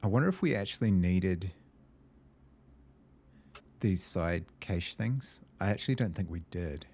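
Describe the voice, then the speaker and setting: A man with a low, deep voice plays a puzzle game and narrates his own reasoning. He mutters and doubts himself, then turns excitable when a step looks like it might work. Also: a little slow, breathy edge. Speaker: gameplay video host. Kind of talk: thinking aloud while playing a puzzle game.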